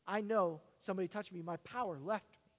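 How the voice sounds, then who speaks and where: A man playing a calm, firm teacher. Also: sits high, brisk, dull audio, lightly acted. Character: calm, certain male teacher. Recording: long hall reverb.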